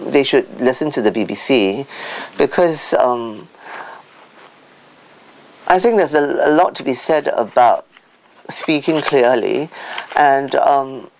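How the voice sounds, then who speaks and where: A man answering interview questions as an expert guest, teaching word stress by sounding out examples, with lively pitch swings. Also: slow pace, gravelly, pauses often, a little hiss or hum, poor audio.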